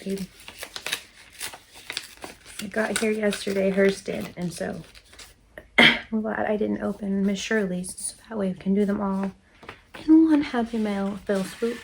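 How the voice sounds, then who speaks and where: A woman's voice: mid-range voice, unhurried, creaky, pauses often, noisy background. A woman vlogger opening mail on camera, chatty and rambling, gushing and laughing often. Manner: gushing and emotional. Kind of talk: casual chat.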